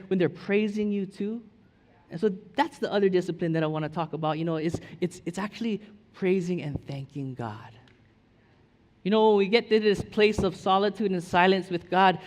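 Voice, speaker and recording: A male pastor preaches in a loose, chatty way, often restarting and checking in with his listeners. His voice sits high for a man, and a long reverb rings through the church hall. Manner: chatty, full of restarts and "right?" check-ins. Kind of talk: conversational sermon.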